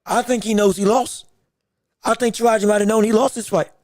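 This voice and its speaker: A male podcast host giving live commentary on a boxing decision. He talks excitably, repeats himself, breaks into shouts, and greets viewers from the chat. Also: high voice, brisk, no room sound.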